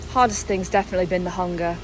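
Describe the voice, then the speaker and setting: A woman's voice: on the low side, fairly even intonation, rapid-fire, faint music behind, pitched below the performer's own voice, natural voice, rough recording. A woman playing a fussy, know-it-all young witch in a parody video diary, speaking in a prim, matter-of-fact way.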